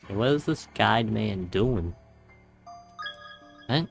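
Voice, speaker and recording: A man's voice: lowish voice, expressive, takes it slowly, gravelly. Sarcastic gamer man over faint music. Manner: reads on-screen game text aloud between reactions; exasperated, sarcastic asides. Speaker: let's play gamer. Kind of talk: casual gameplay commentary.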